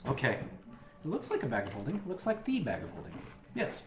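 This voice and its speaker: A man acting as game master, narrating a tabletop game in a lively, laughing way. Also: a little high, fast, echoey room. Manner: animated, laughing storytelling.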